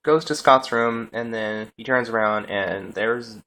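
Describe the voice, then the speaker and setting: A man's voice: medium pitch, a little slow, sharp tone. A young man casually recapping a TV episode, rambling through scenes with lots of "he's like" retellings. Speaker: TV episode reviewer.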